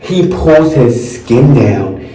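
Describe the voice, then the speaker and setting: A young man telling a crude, animated storytime in a vlog, with shrill mocking quotes. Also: very slow. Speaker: vlogger. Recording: echoey room, far from mic, faint music.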